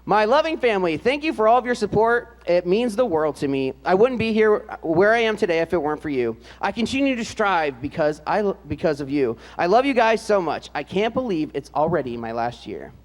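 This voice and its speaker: A man announcing at a ceremony and reading aloud, in a relaxed, joking way with frequent hesitant "uh" fillers. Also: high voice, fairly quick, few pauses, big-room sound. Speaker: announcer introducing band seniors.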